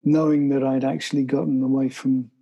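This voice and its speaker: A middle-aged man, telling a story as an interview guest, often halting and restarting his sentences. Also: medium pitch, flat delivery, creaky, dark tone, slightly rough, dull audio. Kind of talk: storytelling in conversation.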